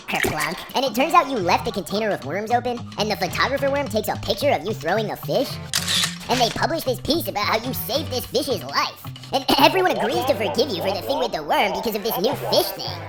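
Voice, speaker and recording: A woman telling an absurd comic story as a monologue, exasperated and deadpan. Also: mid-range voice, fast talker. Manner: exasperated, deadpan storytelling, lively swings between voices. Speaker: comedian. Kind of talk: comedic monologue. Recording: music behind the voice.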